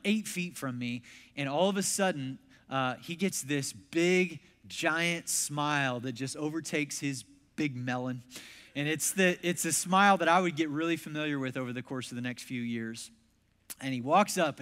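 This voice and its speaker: A man preaching a sermon as pastor, telling a story with lively quoted voices. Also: on the high side. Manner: animated, acts out quoted voices. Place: large church hall. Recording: long hall reverb.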